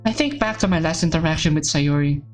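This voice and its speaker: A woman voicing a guilt-ridden young man who narrates his own thoughts in a low, heavy monologue. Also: lively intonation, quick pace, soft background music. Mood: brooding.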